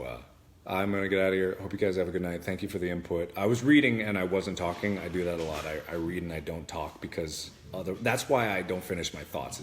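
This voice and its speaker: Earnest rambling man, very low voice. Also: a little hiss or hum. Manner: earnest, rambling, many restarts and self-corrections. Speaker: livestream host. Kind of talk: casual livestream chat. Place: room at home with his dog.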